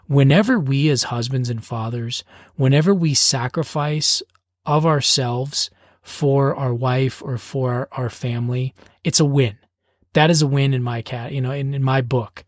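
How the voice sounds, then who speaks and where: A man's voice: medium pitch, no echo, clean studio sound. A man co-hosting a faith podcast, speaking in a reflective, sincere way with frequent hesitations. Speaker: podcast co-host. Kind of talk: conversational podcast talk.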